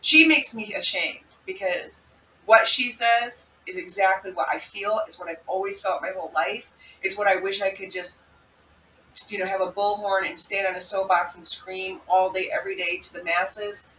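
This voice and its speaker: A woman hosting a vlog, telling a story in a chatty, animated way. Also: mid-range voice, moderate pace, slight background noise. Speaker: vlog host. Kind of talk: casual commentary. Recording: echoey room, mic at a distance.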